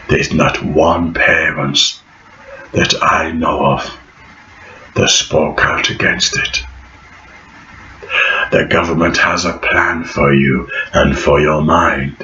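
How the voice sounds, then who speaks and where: A man's voice: rumbling low, level tone, slow, pauses often, bright, forceful tone, slight background noise. A man vlogging in a preachy, prophetic monologue, repeating phrases for emphasis. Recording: echoey room, dull lo-fi sound.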